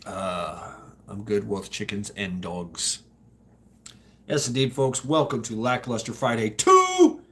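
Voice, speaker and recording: A man's voice: on the low side, sing-song, slow, background noise. Rambling, cursing Southern man. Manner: rambling, profane, laughs often. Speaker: livestream host. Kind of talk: casual livestream chat.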